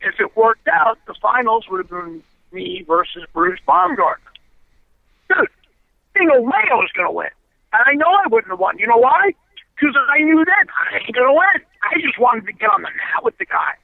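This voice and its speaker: A man's voice: very high voice, big pitch swings, moderate pace, gravelly, dry recording. A man, a former pro wrestler, telling stories in a blunt, profane, emphatic way as an interview guest over a phone line. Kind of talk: casual storytelling interview. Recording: tinny dry phone line.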